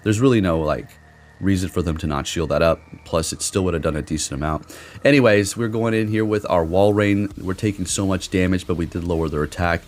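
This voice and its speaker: A man giving casual, excitable commentary over his own competitive game matches, swearing now and then. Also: low-pitched, brisk. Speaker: gaming commentator.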